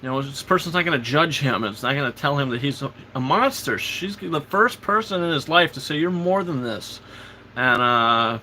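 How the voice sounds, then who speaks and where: A man's voice: mid-range voice, expressive, brisk, hardly any pauses, pushed and bright, slight background noise. A man hosting a casual live film commentary, retelling scenes with enthusiasm and stammered restarts. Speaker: host.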